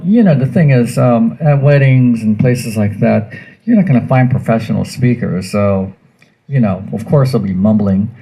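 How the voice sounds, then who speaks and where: A man's voice: mid-range voice, mellow, poor audio. A man hosting a casual how-to demonstration about audio gear, talking in a folksy, rambling way that repeats words, into a wired handheld mic. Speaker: audio gear tips host. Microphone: wired handheld mic through a mixer.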